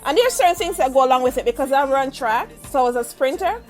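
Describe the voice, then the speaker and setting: A woman's voice: sits high, fast talker, faint music behind. Chatty Jamaican woman hosting an interview. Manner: laughs often, chatty and animated. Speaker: interview host. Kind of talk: casual interview.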